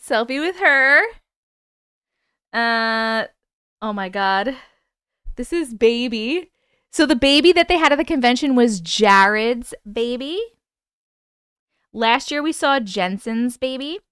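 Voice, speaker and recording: A young woman hosting a casual live-stream chat, excited and chatty, swearing now and then. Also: a little high, slow pace, pauses often, smooth, dry recording, clean studio sound. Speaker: host.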